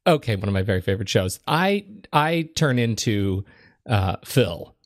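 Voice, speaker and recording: Playful host with a lively, swinging voice. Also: male voice, on the low side, moderate pace, no room sound, studio quality. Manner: playful, self-mocking, jumps into excited mock voice. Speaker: podcast host. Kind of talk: casual podcast conversation.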